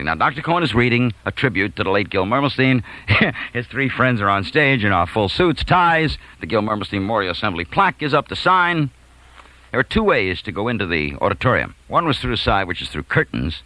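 A man telling a comic school anecdote, chuckling and swinging from hushed to loud. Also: on the low side, no echo, poor audio. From New York. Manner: animated, chuckling, big swings from quiet to loud. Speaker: storyteller. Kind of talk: comic anecdote told to an audience.

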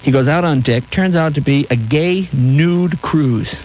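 A man's voice: on the high side, a little slow, a little hiss or hum, rough recording. A man telling anecdotes as a comedian guest in an interview, acting out the voices of people in his stories. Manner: animated, acts out voices in stories.

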